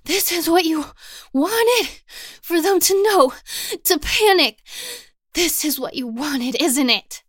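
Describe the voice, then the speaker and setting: Woman putting on a high, panting young princess. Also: animated, slow pace, dry recording, studio quality, heavily acted. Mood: breathless accusing. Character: breathless young princess, shaken and accusing.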